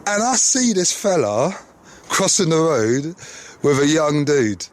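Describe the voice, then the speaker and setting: A man's voice: on the high side, very animated, slow, a little hiss or hum. A man telling a casual anecdote, full of slang and swearing. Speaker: storyteller.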